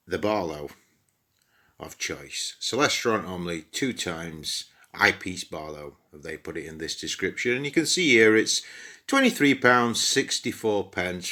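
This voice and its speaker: British male hobby reviewer, lowish voice, chatty and wry, recorded in a reverberant home room. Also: sharp tone. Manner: chatty, exasperated asides to viewers. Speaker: astronomy gear reviewer. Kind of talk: casual product review. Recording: echoey room.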